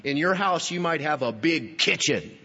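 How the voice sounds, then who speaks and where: A man's voice: fairly high pitch, expressive, normal speed, sharp tone, slightly rough. A man preaching a sermon as pastor, emphatic and teaching, speaking straight to his listeners. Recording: dull, lo-fi recording in a reverberant hall.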